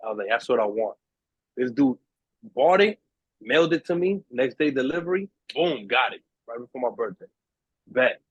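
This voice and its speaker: Animated New man telling stories. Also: mid-range voice, moderate pace, breathy edge, no echo, dull audio. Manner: animated storyteller, acts out voices in quotes. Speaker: podcast host. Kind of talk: casual storytelling among friends.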